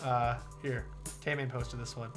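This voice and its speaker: A man's voice: medium pitch, level tone, unhurried, a bit bright, soft background music. A young man streaming a visual novel, chatting casually, laughing often and swearing freely. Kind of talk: casual live-stream commentary.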